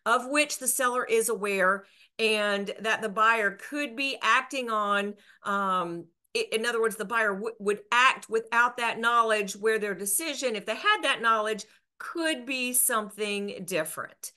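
A woman's voice: a little high, unhurried, pushed and bright. A woman real estate broker, explaining rules to agents in an earnest way, with restarts and filler words. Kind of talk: educational explainer to camera.

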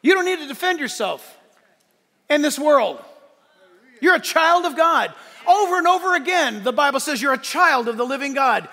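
Animated man preaching in a reverberant hall. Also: very high-pitched, moderate pace. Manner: animated and emphatic, swinging between shouts and soft asides. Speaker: pastor. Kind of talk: sermon. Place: church sanctuary. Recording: large hall with long reverb.

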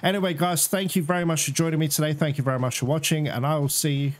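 A man giving casual let's-play commentary, excitable and addressing his viewers as "guys", out of breath at times. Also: a little high, fast talker. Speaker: gaming YouTuber.

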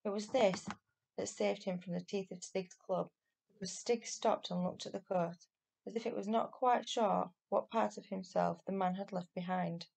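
A woman teacher reading a children's novel aloud in steady, clear storytelling. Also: medium pitch, moderate pace.

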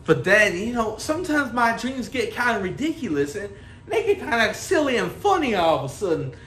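A man's voice: high-pitched, very animated, moderate pace, fairly bright tone, slight background noise. A man playing a dreamy, childlike 1950s singer-songwriter who rambles and giggles through a mock documentary interview. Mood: giggly. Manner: rambling, giddy, prone to giggling. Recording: roomy echo.

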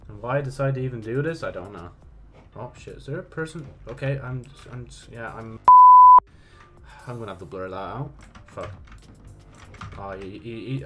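Young man, gaming commentary, swears a lot, lively pitch, faint music under. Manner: swearing, self-mocking, outbursts of frustration. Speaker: gaming YouTuber. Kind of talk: casual gameplay commentary.

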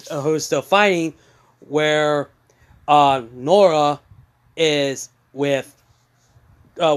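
A man casually retelling a fan story as a channel host, halting with fillers and self-corrections. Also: fairly high pitch, clear, resonant tone.

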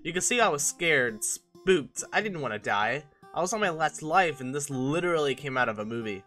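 Bright-voiced young man narrating gameplay. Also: a little high, expressive, normal speed, faint music behind. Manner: casual, joking, self-mocking. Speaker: gaming channel host. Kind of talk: voice-over commentary on gameplay.

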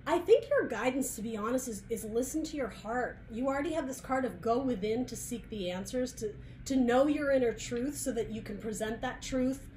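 Female tarot reader, casual rambling delivery, a bit high-pitched, faint hiss behind. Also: moderate pace, hardly any pauses, a little mellow. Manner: chatty and searching, many restarts and asides. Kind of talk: casual tarot reading monologue.

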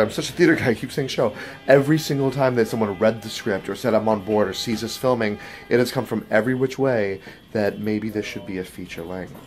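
A young man, an actor, chatting in a behind-the-scenes vlog from a film set, excitable at times and then quiet and reflective. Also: on the low side.

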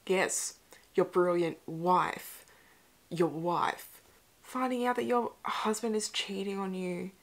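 A woman's voice: on the low side, steady tone, slow. A young woman hosting a casual movie reaction, chatty and emotional, with whispered asides. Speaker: host.

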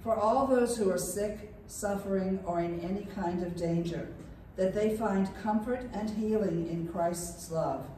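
A woman's voice: mid-range voice, measured pace, slight background noise. Woman reading intercessions, far off in a church. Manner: steady, formal reading. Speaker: reader of the intercessions. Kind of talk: reading prayers of the faithful. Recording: distant and echoey in a church.

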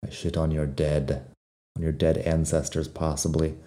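A man with a low, very dark and mellow voice gives a casual podcast lesson on Spanish slang. He talks in a relaxed, wry way, and his Spanish words carry a non-native accent. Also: normal speed. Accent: non-native Spanish accent when speaking Spanish. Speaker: Spanish teacher.

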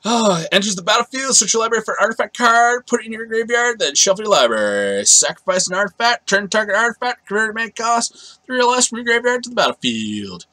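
A man's voice: sits high, very animated, fast talker, bright, forceful tone, dry recording, poor audio. Man, casual card game review, rambling, self-correcting, dry close sound.

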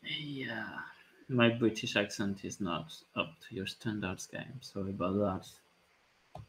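A man, a chess grandmaster calmly thinking aloud about his moves during a live stream, with light jokes. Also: on the low side, measured pace, a little hiss or hum. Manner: calm, thinking aloud move by move, light joking. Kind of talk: live-stream commentary on his own play.

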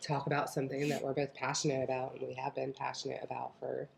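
A woman's voice: rumbling low, flat delivery, fast talker, creaky, darkish tone. A woman chatting casually at home on a diet vlog, chiming in and laughing easily. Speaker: co-host of a keto vlog channel. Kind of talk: casual chat.

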